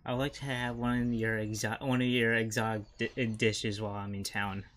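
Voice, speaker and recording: A man's voice: lowish voice, level tone, fairly quick, a bit bright, slight background noise. A man playing a tabletop game, hesitant and amused. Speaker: player. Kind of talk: casual game chat.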